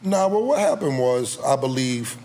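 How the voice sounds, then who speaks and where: A man's voice: mid-range voice, big pitch swings, normal speed, mellow. A man from Harlem, a podcast guest telling a story in street slang and laughing often. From Harlem, New York City. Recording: noisy background.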